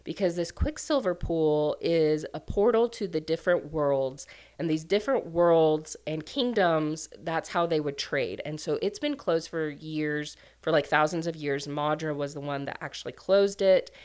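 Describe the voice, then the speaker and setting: Low-voiced chatty woman. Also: unhurried, hardly any pauses, a little mellow, clear, resonant tone. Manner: chatty, filler-heavy, lots of "like" and "um". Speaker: book reviewer. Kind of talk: casual plot recap.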